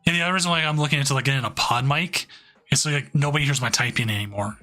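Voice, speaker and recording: A man hosting and commentating a card game tournament stream, relaxed and joking, with loose filler words. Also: medium pitch, very fast, soft background music. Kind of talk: casual live game commentary.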